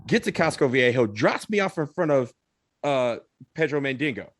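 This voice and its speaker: A man co-hosting a podcast, telling a story in an animated, casual way and swearing now and then. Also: medium pitch, normal speed, dry recording, studio quality. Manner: animated, swears, acts out others' lines. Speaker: podcast co-host.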